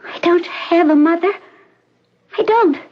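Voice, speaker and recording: An actress voicing a lonely, frightened young woman patient who pleads in a high, trembling voice, in 1970s radio drama acting. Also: measured pace. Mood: pleading frightened. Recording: dull old radio recording, faint hiss.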